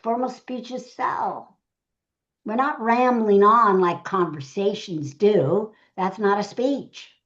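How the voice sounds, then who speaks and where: A woman's voice: mid-range voice, takes it slowly, fairly bright tone, dull audio. A middle-aged woman, a speaker trainer, teaching a live session, going through numbered tips and repeating each key phrase.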